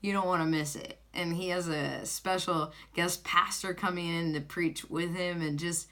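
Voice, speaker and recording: Woman, low voice, bubbly, laughs often, casual church announcement, stumbles over words. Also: steady tone, normal speed, fairly bright tone. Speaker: worship leader and preacher.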